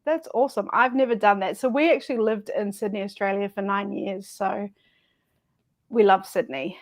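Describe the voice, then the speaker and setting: A woman's voice: mid-range voice, moderate pace. A middle-aged woman, a quilting guest telling stories in a chatty, easy-laughing way. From New Zealand. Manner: chatty, laughs easily, lively storyteller. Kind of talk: casual chat.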